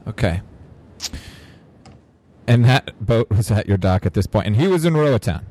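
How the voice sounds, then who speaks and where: A man's voice: fairly low pitch, expressive, moderate pace, warm tone, slightly rough. A man hosting a podcast interview, who listens closely and asks short follow-up questions. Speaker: podcast host. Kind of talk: casual interview.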